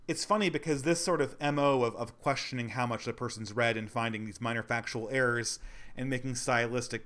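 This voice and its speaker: A man's voice: medium pitch, fairly bright tone. A man in his thirties talks through a critical commentary in an easy, unscripted way. He often restarts and repeats himself, and the irritation shows throughout. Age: 30s. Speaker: channel host.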